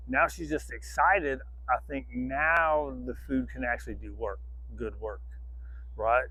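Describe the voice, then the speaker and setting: A man's voice: fairly high pitch, fairly bright tone, no room sound. A man training a dog outdoors, rambling casually to the camera, swearing freely and breaking off to give the dog commands.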